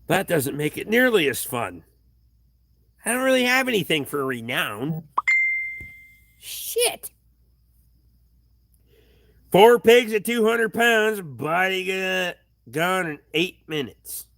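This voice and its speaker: A man's voice: high voice, sing-song, a little slow, gravelly, fairly bright tone, no echo. A man hosting a casual livestream, reading viewer comments aloud and swearing freely in a blunt, offhand way, recorded on a tripod camera in his home workshop. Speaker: livestream host reading chat. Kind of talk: casual profane livestream chat.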